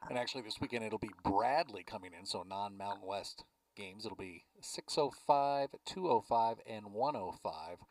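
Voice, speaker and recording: A man calling a baseball game play by play from a ballpark press box, chatting easily between pitches. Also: normal speed, a little mellow, far from the mic, low-quality recording. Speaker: play-by-play announcer.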